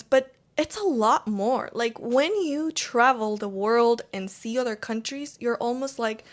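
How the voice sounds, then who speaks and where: A woman's voice: on the high side, expressive, moderate pace, few pauses. A Spanish-speaking woman from Argentina, with a blended Argentine and Colombian accent, co-hosting a podcast in a casual, chatty way. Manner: chatty, acts out quoted people. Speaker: podcast co-host. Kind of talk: casual conversation.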